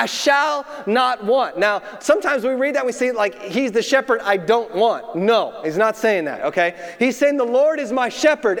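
A man's voice: very high-pitched, long reverb tail. A man preaching a sermon to his congregation, telling a story and talking to them in a casual, conversational way. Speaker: pastor.

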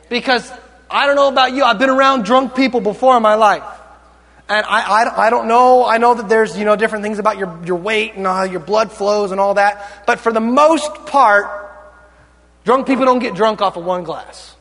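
A male pastor with a very high, light voice delivers a sermon, tossing playful, joking asides to his congregation. His words ring out with the long reverb of a large church hall. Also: a little fast, a bit bright.

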